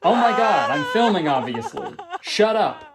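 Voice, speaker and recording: A man's voice: fairly high pitch, lively intonation, moderate pace, heavy background noise. A man impersonating a brash young male family vlogger with chirpy, over-hyped patter. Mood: gleeful.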